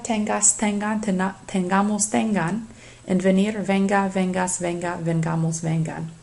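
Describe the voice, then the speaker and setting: A woman's voice: mid-range voice, darkish tone. Woman teacher reciting verb conjugations. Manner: deliberate, reads conjugations aloud in lists. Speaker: Spanish teacher. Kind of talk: recorded flipped-classroom lecture.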